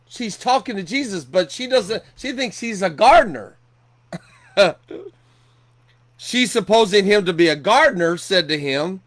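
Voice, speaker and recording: A man's voice: high-pitched, lively intonation, normal speed. A middle-aged man preaching a sermon earnestly, often repeating and restarting his words. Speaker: pastor.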